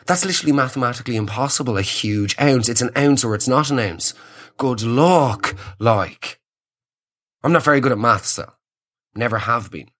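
A man's voice: medium pitch, normal speed, fairly bright tone. An Irish man hosting a comedy podcast, ranting sarcastically and riffing on listener messages. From Ireland. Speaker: podcast host. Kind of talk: comedic rant.

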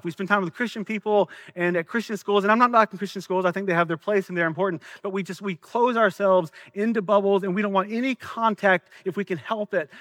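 Male pastor, Southern accent, higher-pitched voice, dry close sound, earnest sermon delivery. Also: fairly bright tone, dry recording. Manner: earnest, questioning preacher, some stumbles and repeats.

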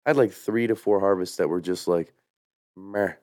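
A man's voice: low-pitched, normal speed, mellow, no room sound, clean studio sound. A man co-hosting a podcast in casual chat, joking and laughing often, talking into a handheld mic. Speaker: podcast co-host.

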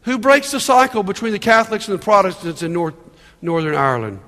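Male pastor, high voice, animated sermon delivery, long hall reverb. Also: fast. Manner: animated preaching, calls out "Amen?" to the congregation.

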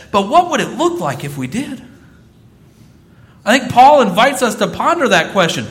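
A man's voice: sits high, a bit bright. A man in his thirties preaching a sermon, earnest and repeating phrases for emphasis. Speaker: pastor.

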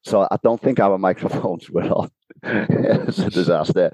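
Deep-voiced man telling a story. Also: measured pace, a little mellow, no room sound, rough recording. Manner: storytelling, laughs often. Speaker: podcast co-host. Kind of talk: casual chat. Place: home kitchen.

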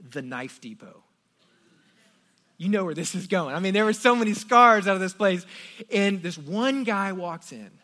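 A middle-aged man from Texas, a pastor giving a sermon before a congregation, telling jokey personal stories with big swings between loud and quiet. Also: sits high. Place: church auditorium before a congregation.

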